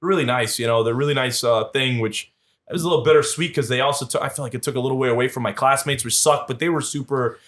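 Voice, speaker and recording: A man, telling lively stories as a podcast guest and acting out the voices of the people in them. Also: medium pitch, fast. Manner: animated storyteller, acts out quoted voices. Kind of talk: casual storytelling interview.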